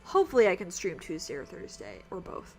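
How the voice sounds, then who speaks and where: A woman with a rough, worn throat, chatting casually with her viewers while streaming a video game, rambling and swearing now and then. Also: fairly low pitch, wildly swooping pitch, fairly quick.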